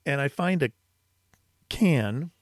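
A man co-hosting a podcast, chatting casually and telling a lively story, with sudden bursts of animation. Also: slow, dry recording, clean studio sound. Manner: animated storyteller, mimics squeaks in a high voice. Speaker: podcast co-host. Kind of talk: casual chat.

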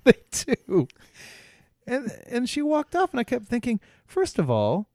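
A man co-hosting a podcast, telling a rambling story in casual chat, halting often, laughing, and imitating bystanders' voices. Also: very high-pitched, wildly swooping pitch, a little mellow, no room sound, studio quality. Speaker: podcast co-host.

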